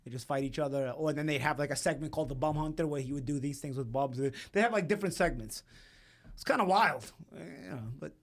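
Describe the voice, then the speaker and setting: A man chatting as a podcast guest, animated and storytelling with frequent restarts. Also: fairly high pitch, fast talker, vocal fry. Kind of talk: casual chat.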